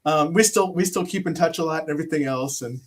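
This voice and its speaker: Male podcaster as guest, husky and a bit high-pitched, animated and rambling, video-call sound. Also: fast talker. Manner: rambling, animated storyteller with many restarts. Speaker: podcast host appearing as guest. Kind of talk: casual chat.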